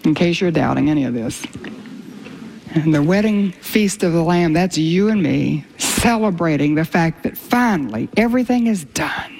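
A woman teaching the Bible in a sermon, impassioned, lifting her pitch when she reads scripture and dropping to near whispers for emphasis. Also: expressive, normal speed, creaky, darkish tone, a little hiss or hum.

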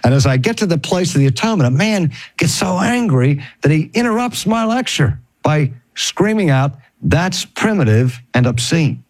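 A man preaching and teaching, telling a story with emphatic, slowed stresses on key phrases. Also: on the high side, animated, no echo. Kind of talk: storytelling sermon.

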